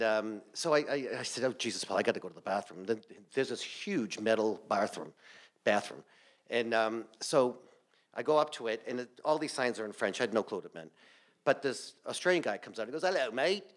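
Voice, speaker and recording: A man telling a comic story on a theater stage to a live audience, salty and animated, laughing through his lines. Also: mid-range voice, normal speed.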